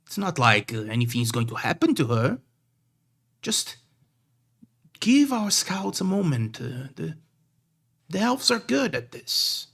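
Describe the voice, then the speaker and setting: A man voicing a calm, reassuring Vistani uncle in a tabletop game. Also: fairly high pitch, a little slow, gravelly, long pauses, slightly rough, pitched above the performer's own voice, heavily acted. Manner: soothing, reassuring.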